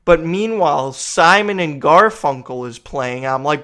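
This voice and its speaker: A young man with a slightly high voice rambles through a comic rant. He sounds worn out and exasperated, swearing freely as he tells his story. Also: normal speed, hardly any pauses, a bit bright. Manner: tired, exasperated, profane storytelling. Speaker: vlogger.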